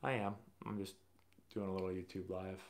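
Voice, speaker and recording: A man's voice: sits low, level tone, a little fast. A man from Massachusetts hosting a casual live stream, answering viewer questions as a rambling, chatty storyteller. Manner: rambling, chatty storyteller who often restarts sentences.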